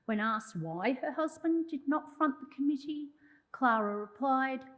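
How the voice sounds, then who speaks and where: A woman's voice: high-pitched, a little slow, poor audio. A woman, a journalism historian delivering a prepared public lecture with wry asides to the audience. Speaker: journalism historian giving an oration.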